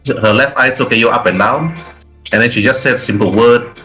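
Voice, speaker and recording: A man narrating as game master of an online tabletop game, his voice pitched in a middle range. He describes each scene casually, restating and restarting as he goes. Faint music plays under the call. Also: fairly quick, sharp tone, poor audio.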